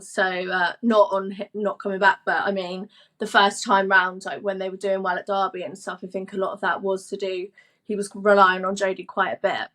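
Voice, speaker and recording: A young woman, a sports presenter, telling stories in a casual interview, chatty and quick to act out what people said. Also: medium pitch, a bit bright. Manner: chatty storyteller, acts out quoted dialogue, laughs often.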